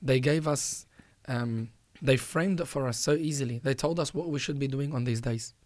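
A man speaking at a middle pitch gives earnest religious advice as a podcast host. He presses his points by repeating phrases and urging the listener directly. The recording is dry and close, with no room sound. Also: moderate pace, darkish tone, no room sound.

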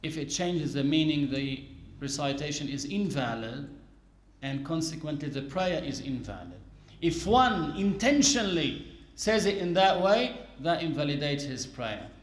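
A man's voice: on the high side, very animated, unhurried. A man giving a religious lesson, explaining patiently with worked examples and little acted scenes. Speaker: religious teacher. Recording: echoey room.

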